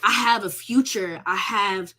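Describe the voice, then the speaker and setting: Young woman on a live, shaky and near tears, bright forceful voice, cussing a lot. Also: mid-range voice, measured pace. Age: young adult. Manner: emotional, candid, swears freely, on the verge of tears. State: shaken, close to crying. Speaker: college student telling her story. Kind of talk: casual livestream storytelling.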